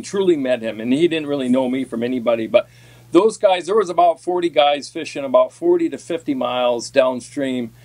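A man in a casual podcast chat tells a long fishing-circuit story in a folksy, rambling way, stopping often for ums and restarts. His voice sits at an ordinary middle pitch. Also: a little mellow. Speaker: podcast guest, former walleye tour pro.

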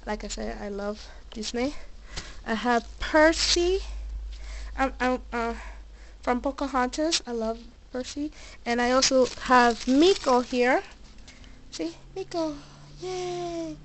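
Bubbly high-voiced young woman, out of breath. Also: slow, pauses often, fairly bright tone, a little hiss or hum, rough recording. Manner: bubbly, gushing, with little cheers. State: a little out of breath and sick. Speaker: vlogger. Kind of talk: casual show-and-tell vlog. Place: her bedroom. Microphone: camera mic, moving handheld.

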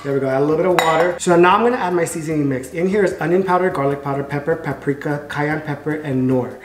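Crude, joking cooking vlogger. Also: female voice, low-pitched, fast talker, echoey room. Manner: crude, campy joking asides. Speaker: home cook and vlogger. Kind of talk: cooking vlog. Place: home kitchen.

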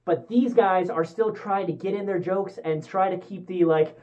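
On the low side and a little mellow, this young woman's voice moves at a moderate pace through a lo-fi recording. Her casual movie review is rambling and candid, punctuated by plenty of fillers and moments where she corrects herself and starts over.

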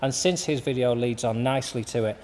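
A man's voice: mid-range voice, a little mellow. Dry-humored man hosting, reverberant room. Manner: dry, self-deprecating, halting with filler uhs. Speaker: host of a charity fundraiser stream. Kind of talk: hosting, introducing acts. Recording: reverberant room with faint background noise.

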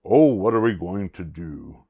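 A man voicing an excitable, jittery male pig in a storybook, loud and panicky. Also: deep voice, unhurried, breathy edge, exaggerated voice. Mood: panicked. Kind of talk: storybook reading.

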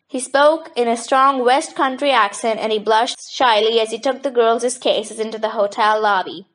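A woman narrating a children's mystery audiobook in a steady, clear reading. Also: fairly high pitch, normal speed, hardly any pauses. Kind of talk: scripted storybook narration.

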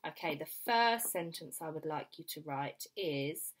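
A young woman teaching a phonics lesson to small children, slowly sounding out each letter and word. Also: deep voice, animated. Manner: slow, clear sounding-out of letters. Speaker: primary school teacher.

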